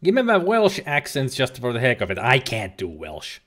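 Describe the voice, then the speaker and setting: A man's voice: mid-range voice, wildly swooping pitch, normal speed, a bit bright. A man giving casual, rambling let's-play commentary as a streamer, joking and now and then swearing. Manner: chatty, rambling, jokey, occasional swearing.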